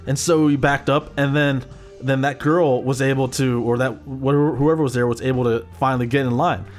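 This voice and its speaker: A man in casual chat, telling road stories in a profane, animated way. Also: mid-range voice, normal speed, faint music behind. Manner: profane, animated storytelling with acted-out quotes.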